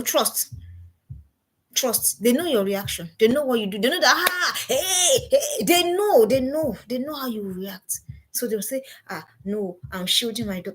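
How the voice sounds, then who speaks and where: A woman's voice: fairly high pitch, breathy edge. A middle-aged woman, a parenting coach, gives an emphatic seminar talk and repeats her key points as commands.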